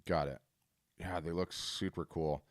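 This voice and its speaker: A man's voice: low-pitched, fairly even intonation, a little slow. A man hosting a webinar on a video call, coaching an artist in a casual, emphatic way and often repeating his words. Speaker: webinar host and art business coach.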